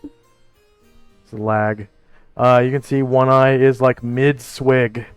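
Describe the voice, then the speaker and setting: A man running a tabletop game as game master, narrating in a relaxed way and thinking aloud with fillers. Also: medium pitch, slow pace, clear, resonant tone, no room sound, soft background music.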